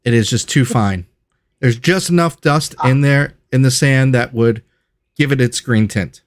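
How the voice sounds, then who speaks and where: A man narrating as game master of a tabletop game, relaxed and loose with fillers. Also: medium pitch, measured pace.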